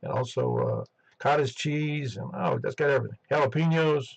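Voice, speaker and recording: A man's voice: fairly high pitch, normal speed, gravelly, husky, highs cut off. A man hosting a ham radio net on a headset, chatting casually and rambling with lots of restarts. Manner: rambling, chatty, self-interrupting.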